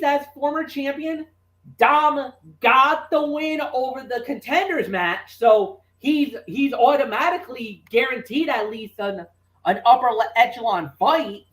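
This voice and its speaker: A man co-hosting a wrestling talk show, excitable and rambling, with lots of restarts. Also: extremely high pitch, roomy sound. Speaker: wrestling podcast co-host. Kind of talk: casual chat.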